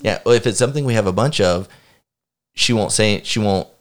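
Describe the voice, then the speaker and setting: A man's voice: lowish voice, fairly quick. A man co-hosting a podcast, telling exasperated, profane stories in casual chat. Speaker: podcast co-host.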